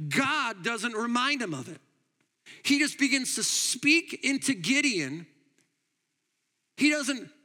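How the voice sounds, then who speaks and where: A male pastor preaches with animated emphasis and frequent laughs. His voice sits high and bright. It rings out with a long reverb, as if in a large hall. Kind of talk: sermon.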